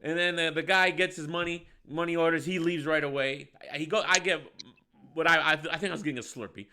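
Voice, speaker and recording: A man tells a story in casual chat, acting out the other people with sudden loud shouts. His voice is bright and forceful, pitched a little high for a man. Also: quick pace, a little hiss or hum. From Michigan, United States. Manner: animated storyteller, acts out voices, laughs often. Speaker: podcast host.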